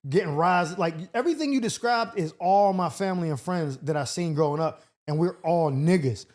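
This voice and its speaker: A man hosting a casual podcast chat, talking loosely with loud reactions and lots of fillers. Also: sits high, moderate pace. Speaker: host.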